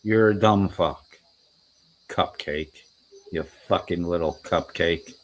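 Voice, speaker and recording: Low-voiced scornful man. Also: takes it slowly. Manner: profane, scornful. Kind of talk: casual livestream chat.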